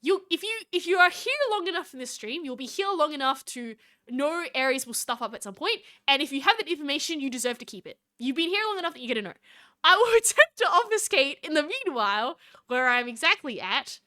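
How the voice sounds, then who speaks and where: Aussie girl vtuber chatting on stream, high voice, giggly and chatty. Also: expressive, fast, sharp tone. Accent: Australian. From Australia. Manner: chatty, giggly, reads chat aloud. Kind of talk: casual live-stream chat.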